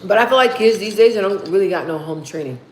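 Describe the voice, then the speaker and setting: Animated woman chatting in an echoey room. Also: medium pitch, fast talker. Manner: animated, slangy storytelling with acted-out quotes. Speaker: streamer answering viewer questions. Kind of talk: casual chat. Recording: roomy echo, faint background hum.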